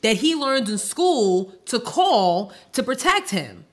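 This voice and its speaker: A woman's voice: fairly high pitch, sing-song, takes it slowly. A woman co-hosting a podcast in casual chat, weary and exasperated, who repeats herself. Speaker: podcast co-host.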